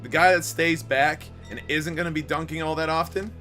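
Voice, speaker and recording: A man's voice: a little high, fairly even intonation, a little fast, pushed and bright, soft background music. A man giving casual, joking let's-play commentary with a strained throat. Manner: casual, joking, self-deprecating. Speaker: game commentator.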